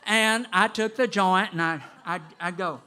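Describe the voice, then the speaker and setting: An older man telling a personal story to an audience in an animated, conversational way. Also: sits high, a little slow, clear, resonant tone. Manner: animated and conversational, with vocal sound effects.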